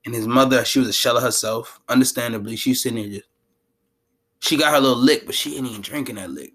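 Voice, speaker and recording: A man giving a casual, animated anime recap in heavy slang, laughing often. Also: medium pitch, racing, breathy edge. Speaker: anime commentator.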